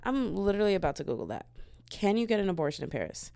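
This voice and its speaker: A young woman from the States, hosting a podcast as a sassy, chatty comedic monologue with sudden loud outbursts. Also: low voice, sing-song, quick pace, creaky. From Southern United States. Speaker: podcast host.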